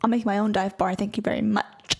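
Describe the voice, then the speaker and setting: A woman co-hosting a podcast in casual chat, talking quickly with lots of "like" fillers. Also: mid-range voice, level tone, creaky, slightly rough. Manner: chatty, frequent "like" fillers. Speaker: podcast co-host.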